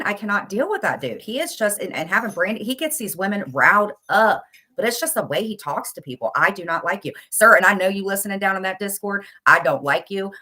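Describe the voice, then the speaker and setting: Middle-aged woman, low-pitched, blunt and insulting, casual ranting streamer. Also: pushed and bright. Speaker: livestream commentator.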